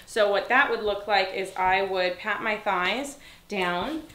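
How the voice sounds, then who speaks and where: A woman dog trainer giving a calm, step-by-step demonstration and praising the dog. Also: medium pitch, moderate pace, a little hiss or hum. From Southern California. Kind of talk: instructional demonstration. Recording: echoey room.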